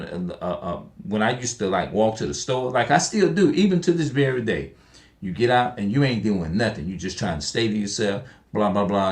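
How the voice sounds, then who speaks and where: A man talking casually into his camera in a slangy, rambling way, often repeating himself and now and then reading scripture aloud. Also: mid-range voice. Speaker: video creator. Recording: echoey room.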